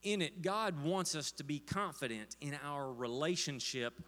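A man's voice: on the high side, lively intonation, a little slow, a bit bright. A man telling a story in a sermon as pastor, with frequent fillers and restarts. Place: church sanctuary. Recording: long hall reverb.

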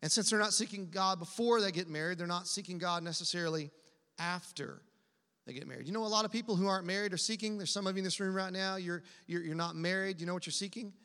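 A man preaching a sermon to his congregation, animated and drawing the crowd into call and response. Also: sits high, fast talker, smooth, big-room sound. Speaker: pastor. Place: church hall.

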